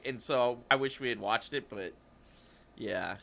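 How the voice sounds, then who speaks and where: Male podcast host, fairly high bright voice, rambling chatty delivery, casual talk. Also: big pitch swings, a little fast. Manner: rambling, self-interrupting, chatty. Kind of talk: casual esports podcast chat.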